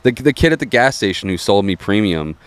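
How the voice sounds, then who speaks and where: A man's voice: lowish voice, sing-song, a little fast, clean tone, dry recording. A man co-hosting a podcast, rambling in casual chat, hedging a lot and swearing. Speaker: podcast co-host.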